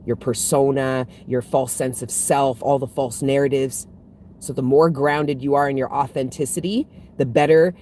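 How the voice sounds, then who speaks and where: A woman's voice: extremely low pitch, darkish tone, a little hiss or hum. A woman hosting a spiritual livestream, chatting casually and frankly with viewers, swearing freely and laughing often. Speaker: spiritual reader and livestream host. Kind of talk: casual livestream chat reading viewer comments.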